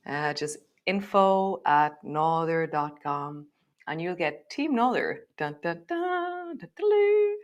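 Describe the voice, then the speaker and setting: A woman teaching a live yoga class, giving gentle instructions mixed with chatty, laughing, self-deprecating asides. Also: sits low.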